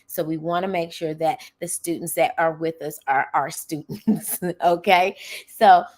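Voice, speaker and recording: A woman's voice: low voice, steady tone, a little slow. Earnest woman teacher hosting a podcast. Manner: earnest, emphatic, talks to the listener with frequent "okay?". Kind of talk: casual podcast monologue.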